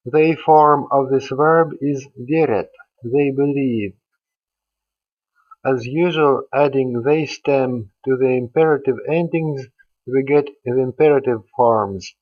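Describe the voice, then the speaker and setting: A man giving a scripted grammar lecture as a language teacher, explaining each step in a deliberate, methodical way. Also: medium pitch. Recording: dull lo-fi voice-over.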